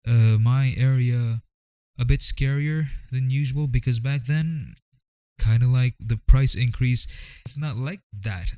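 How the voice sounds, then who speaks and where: Wry young man with a mellow voice. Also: medium pitch, dry recording. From Philippines. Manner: wry, rambling, jokey asides. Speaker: vlogger. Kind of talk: casual commentary vlog.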